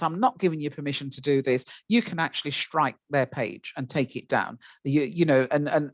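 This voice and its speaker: A woman's voice: deep voice, no echo, clean studio sound. Chatty woman teaching a live webinar. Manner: chatty, many fillers, addresses attendees by name. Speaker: webinar trainer.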